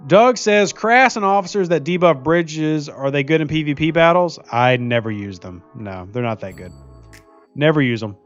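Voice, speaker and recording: A man's voice: fairly high pitch, moderate pace, muffled recording, faint music behind. A man streaming a mobile game, chatting casually and jokingly while reading viewer comments aloud. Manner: chatty, jokey, laughs often, reads viewer comments aloud. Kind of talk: casual live-stream chat while playing.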